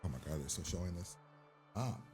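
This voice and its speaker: A man with a very low voice reacts to a show he is watching for the first time. His pitch swings widely as he curses and fires disbelieving questions at the screen. Music from the show plays behind him. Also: animated, brisk. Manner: blunt, profane, incredulous questions at the screen. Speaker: reaction host.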